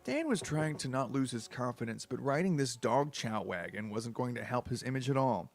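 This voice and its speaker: A man's voice: mid-range voice, expressive, normal speed, faint music behind. A man with a head cold reading a book aloud, breaking off into crude, bewildered, self-mocking asides. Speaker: book reader. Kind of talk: comedic reading with rambling asides.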